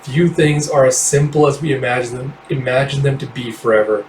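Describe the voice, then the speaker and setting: A man voicing an older father figure, a calm and stern family head, in a lowered, measured voice, on a roomy, distant mic. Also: a little hiss or hum, natural voice. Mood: somber.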